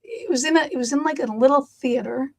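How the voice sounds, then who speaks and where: A woman from Massachusetts, hosting a casual chat while hoarse from overwork. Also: sits high, quick pace, darkish tone, poor audio. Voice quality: husky. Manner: chatty, enthusiastic. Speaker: host.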